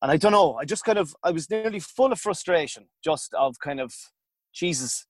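Irish man in his 30s, podcast guest, rambling anecdotes, slightly higher voice, dry close mic. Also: lively intonation, moderate pace, no echo. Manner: rambling, self-interrupting, colloquial. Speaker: podcast guest, former hurler. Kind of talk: casual storytelling.

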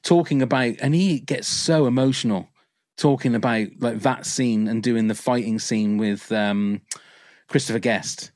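A man's voice: medium pitch, measured pace, darkish tone, no room sound, studio quality. A man co-hosting a film podcast, rambling and enthusiastic as he chats, swearing casually. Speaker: podcast co-host. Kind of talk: casual chat.

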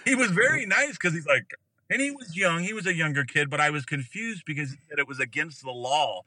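A man's voice: on the high side, brisk, pushed and bright, dry recording, low-quality recording. An American man from Ohio, a podcast guest, telling a story casually and acting out the people in it with big jumps in his voice. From Ohio, USA.

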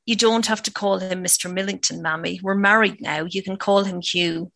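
A woman's voice: mid-range voice, fairly even intonation, normal speed, vocal fry, fairly bright tone. A woman reading the lines of a defiant young wife who confronts her parents. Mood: tense. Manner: defiant, cutting.

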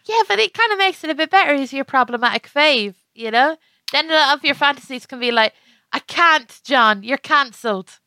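A woman's voice: high voice, lively intonation, quick pace, sharp tone, no room sound. A woman co-hosting a comedic podcast over a video call, wry and self-mocking, often breaking into giggles. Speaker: podcast co-host.

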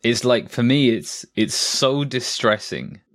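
A man's voice: medium pitch, slow pace, no echo, studio quality. A man co-hosting a football podcast, talking in an exasperated, sweary way. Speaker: podcast co-host. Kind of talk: casual podcast chat.

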